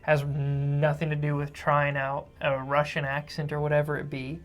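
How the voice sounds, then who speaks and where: A man co-hosting a podcast in casual chat, who calls himself a fast talker. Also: fairly high pitch, monotone. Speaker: podcast co-host.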